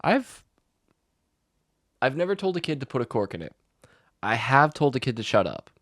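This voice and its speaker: A man co-hosting a podcast in casual chat, playful and goofy, often trailing off softly. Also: medium pitch, sing-song, normal speed. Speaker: podcast co-host; teacher.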